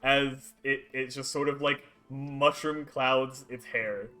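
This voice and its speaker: A man's voice: medium pitch, steady tone, takes it slowly, pushed and bright, faint music behind. A man running a tabletop game as dungeon master, describing scenes hesitantly with many fillers.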